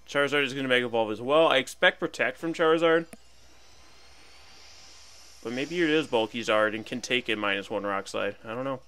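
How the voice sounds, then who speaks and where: A man's voice: mid-range voice, lively intonation, moderate pace, sharp tone, faint music behind. A young man casually commentating his own battle game, chatty and playful, thinking aloud about each move. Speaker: gaming commentator.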